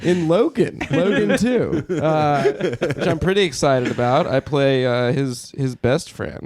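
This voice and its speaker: A man in his thirties, a guest on a podcast, telling a rambling story in casual chat with many halting restarts. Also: a little high, expressive. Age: 30s.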